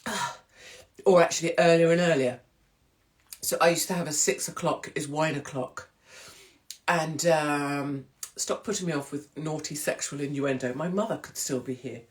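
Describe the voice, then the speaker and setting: A woman's voice: low-pitched, normal speed. A brash woman hosting a casual comedic monologue, mocking, chatty and full of swearing. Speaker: host. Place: indoors at home, pub-themed set.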